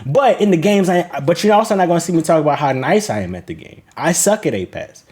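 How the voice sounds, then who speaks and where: A man's voice: fairly high pitch, very animated, fast talker, a little mellow. An American man in casual chat as a streamer and co-host, talking bluntly with a lot of cursing. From United States. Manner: blunt, profane, laid-back, laughing.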